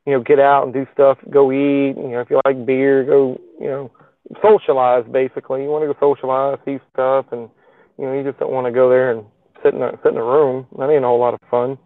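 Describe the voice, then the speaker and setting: A man's voice: mid-range voice, flat delivery, brisk, no echo. Rambling man live-streaming from a phone. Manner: rambling, with many fillers and plain folksy speech. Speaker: live stream show host. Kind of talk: casual live stream chat. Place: parked car in a lot. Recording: tinny, phone-like, dry sound.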